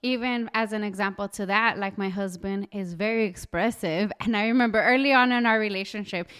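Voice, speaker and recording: A woman's voice: medium pitch, fairly quick, clean tone. A young adult woman co-hosting a casual chat podcast, telling personal stories and acting out the dialogue. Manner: animated storytelling, acting out quoted dialogue. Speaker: podcast co-host.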